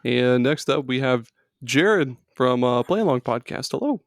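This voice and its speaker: A man's voice: mid-range voice, lively intonation, unhurried, no echo, studio quality. Laid-back male podcast host. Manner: jokey, laid-back, laughs often. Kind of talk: casual podcast chat.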